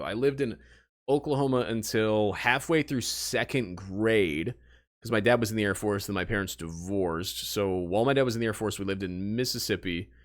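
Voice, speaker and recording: A young man from Missouri chatting casually with his livestream audience, self-mocking and talking straight to chat. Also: fairly low pitch.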